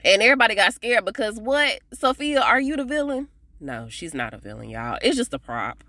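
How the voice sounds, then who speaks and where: A woman recapping a TV episode in a casual, chatty way, animated and often laughing as she talks to her viewers. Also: fairly high pitch, a little fast, no echo. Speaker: TV episode reviewer.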